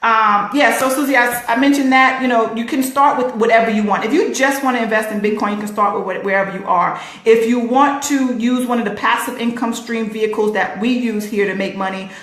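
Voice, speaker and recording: A woman hosts a live stream from home in a slightly high voice, pushing her pitch with emphatic repetition and answering viewers by name. The sound is roomy and echoey, as if caught by a phone or laptop microphone. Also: fairly quick, hardly any pauses, a bit bright. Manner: laughs often.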